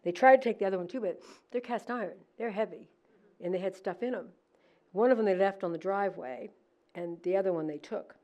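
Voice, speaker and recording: Lively storytelling woman. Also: mid-range voice, fairly quick, dull audio. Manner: animated, laughing, acts out quoted lines. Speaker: decorator at a museum holiday event. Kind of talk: casual storytelling.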